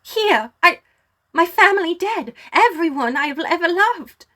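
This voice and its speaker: A woman voicing a grieving young princess who speaks in a high, shocked, indignant way. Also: animated, unhurried, sharp tone, full character voice.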